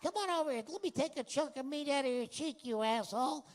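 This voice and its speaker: A man's voice: extremely high pitch, animated, quick pace, voice pushed up. A man doing an impression of a hot-tempered, threatening middle-aged tough guy, snarling and profane. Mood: menacing.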